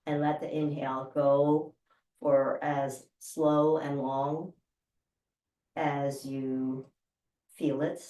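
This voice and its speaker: A woman instructor calmly guiding a breathing exercise with slow, measured cues. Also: deep voice. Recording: roomy sound from a distance.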